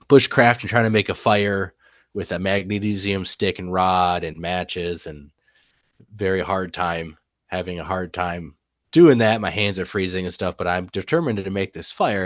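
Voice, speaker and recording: Deep-voiced rambling male storyteller. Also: dry recording, clean studio sound. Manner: rambling, many fillers and "and stuff". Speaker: guest telling an encounter story. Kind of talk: casual storytelling.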